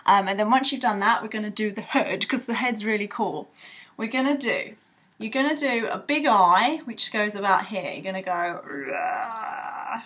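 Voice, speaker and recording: A woman's voice: medium pitch, moderate pace, a bit bright, slightly rough. A young woman teaching children to draw in a bubbly, rambling way with playful sound effects. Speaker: art tutor. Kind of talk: drawing tutorial for children.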